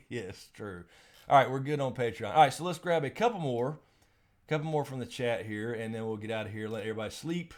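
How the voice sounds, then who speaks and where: A man's voice: medium pitch, expressive, a little fast. Man, young adult, live stream host, casual rambling chat, laughs a lot.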